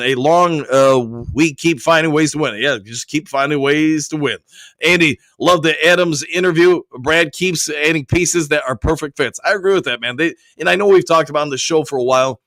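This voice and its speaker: Male sports stream host, hoarse and deep from a cold, casual, reads out chat, dry close mic. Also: fairly bright tone, no echo. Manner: casual, reads viewer comments aloud and answers each. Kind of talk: live-stream sports talk.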